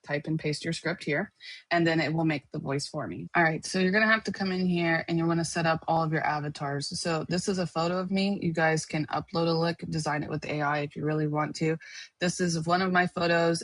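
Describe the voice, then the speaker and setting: A woman's voice: low voice, steady tone, fairly quick, no echo. A woman teaching a casual screen-share tutorial, chatty and often checking in with her listeners. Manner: chatty, checks in with "okay?" and "right?". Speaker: online course teacher.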